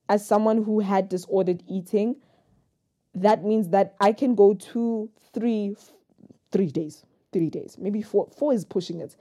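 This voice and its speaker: A woman's voice: lowish voice, mellow. A young woman talking frankly in a personal vlog, rambling from thought to thought with self-mocking humor. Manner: rambling, jumps between thoughts. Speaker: vlogger. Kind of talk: candid confessional vlog talk.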